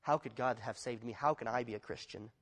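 A man preaching a sermon, shifting from quiet, confessional passages to loud, emphatic ones and acting out the voices of inner struggle. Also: medium pitch, fairly quick, long reverb tail. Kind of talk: expository sermon.

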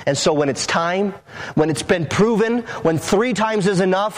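A male pastor preaching a sermon emphatically, slowing and dropping low on key phrases, with occasional restarts. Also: lively intonation. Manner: emphatic, with dramatic drops in pitch and occasional restarts.

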